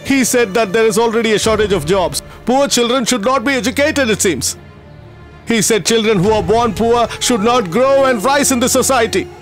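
An actor dubbing a film, playing an emotional middle-aged teacher who cares for poor orphans, speaking in a heartfelt, pleading way. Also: male voice, extremely high pitch, moderate pace, soft background music. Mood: bitter. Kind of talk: dubbed film acting.

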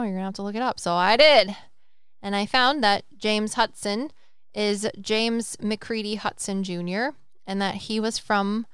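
Excitable woman podcast host, very clear voice. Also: mid-range voice, no room sound. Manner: excitable, rambling storyteller. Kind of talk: casual chat.

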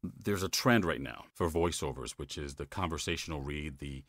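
A man's voice: rumbling low, normal speed, no echo, clean studio sound. A man with a New York-New Jersey accent, a voice actor telling stories as a guest in a casual interview, often tossing in "man". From United States. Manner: animated storytelling, says "man" a lot.

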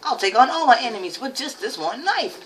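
A woman voicing a brash, boastful young male anime ninja hero in a strained, shouted high voice, over game noise. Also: very animated, brisk, recorded from a distance. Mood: boastful shouting.

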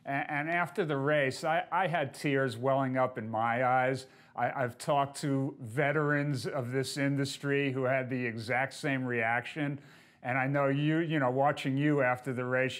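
Earnest male interviewer, mid-pitched. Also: a bit bright. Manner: earnest, stumbling starts to his questions. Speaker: show host and interviewer. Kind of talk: interview questions.

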